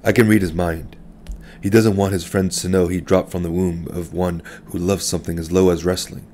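Deep-voiced man reading fiction calmly. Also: a little hiss or hum. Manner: calm, measured and reflective. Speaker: audiobook narrator. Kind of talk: first-person literary narration.

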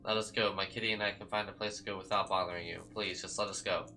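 A troubled young girl who pleads and insists, with a very bright, forceful tone, as a man reads her lines. She comes across earnest and desperate. The voice sits a little low. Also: fairly even intonation, fast. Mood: begging.

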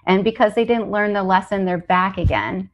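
A woman hypnotherapist telling funny stories in a casual interview, animated and laughing often as she acts out quotes. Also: medium pitch, a little fast, lo-fi sound. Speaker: hypnotherapist guest.

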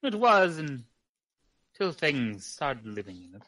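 A man voicing an excitable, curious man in a tabletop role-play game, asking eager questions. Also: takes it slowly, full character voice, poor audio. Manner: eager questioning, swooping high.

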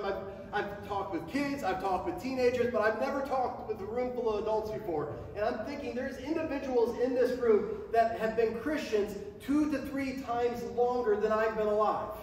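A man with a very high voice preaches a sermon to his congregation, speeding up and climbing in pitch as his passion builds. He is recorded from far off in a big, echoey sanctuary with a long reverb tail and a faint hum behind him. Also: normal speed, a little mellow. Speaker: pastor. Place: church sanctuary before a congregation.

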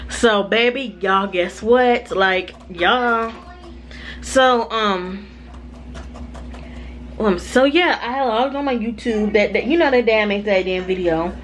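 Southern us lady chatting to her viewers on a phone cam, excitable, lots of likes, mid pitch. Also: slow pace, slight background noise. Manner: animated, addresses viewers as y'all, lots of likes. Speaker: vlogger. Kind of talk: casual chatty vlog.

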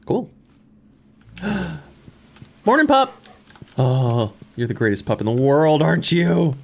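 Excitable man streaming a game. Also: mid-range voice, unhurried, vocal fry. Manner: excitable, yelps and laughs, reads game text aloud. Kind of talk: live gameplay commentary.

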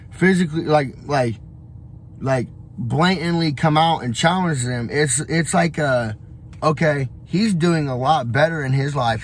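A young man with a slightly high voice gives a loose, profane motivational rant on a travel vlog. He rambles, repeats himself and leans on fillers. A faint hum of noise sits behind him. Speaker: vlogger. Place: on the road, traveling.

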